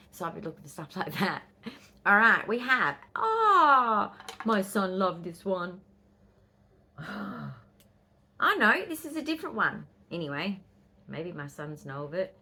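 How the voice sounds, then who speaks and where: Excitable Australian woman in her fifties. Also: medium pitch, breathy edge. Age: 50s. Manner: excitable storytelling, quick asides. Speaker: vlogger. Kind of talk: casual chat.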